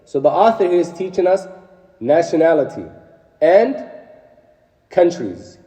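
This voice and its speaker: A man's voice: on the high side, sing-song, measured pace, warm tone, reverberant, long reverb tail. A man explaining an Arabic textbook lesson, reading each line and then translating it. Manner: reads Arabic lines then translates them. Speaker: Arabic teacher.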